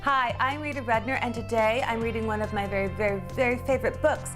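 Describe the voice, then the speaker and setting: A woman reading a children's picture book aloud in an expressive storytelling voice, dropping into whispers and rising to excited cries. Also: on the high side, quick pace, music in the background. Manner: animated, dips into whispers and rises to excited cries. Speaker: storybook reader.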